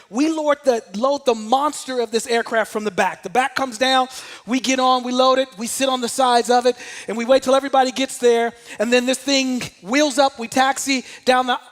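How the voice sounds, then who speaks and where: A man giving a motivational talk, telling a personal story in an animated way. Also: extremely high pitch, big-room sound. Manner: animated storyteller, shouts out quoted commands. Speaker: motivational speaker.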